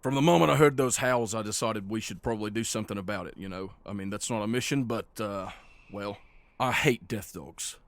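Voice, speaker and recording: A man running a tabletop game, narrating in a casual, easygoing tone. His voice is low and sounds close and dry. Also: fairly quick, no echo. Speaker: game master.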